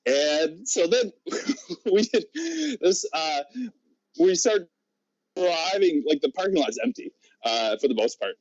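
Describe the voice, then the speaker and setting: A man's voice: a little high, expressive, takes it slowly, long pauses, darkish tone, dry recording. A man guesting on a podcast, telling a long story in a rambling way, laughing often and restarting his sentences. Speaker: guest, pro wrestler. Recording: slightly muffled audio.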